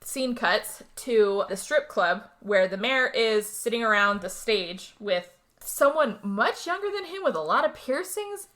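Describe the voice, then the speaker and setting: Young woman podcast co-host, bright and forceful voice; lively, profane movie recap with acted-out lines. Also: fairly high pitch, unhurried. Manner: animated storytelling, swearing, acts out character lines. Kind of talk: casual chat.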